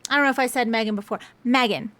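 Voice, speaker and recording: A woman's voice: fairly high pitch, steady tone, very fast, fairly bright tone, no echo. A young woman chattily recapping a film's plot with sarcastic asides, as a movie reviewer. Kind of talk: casual spoken film recap.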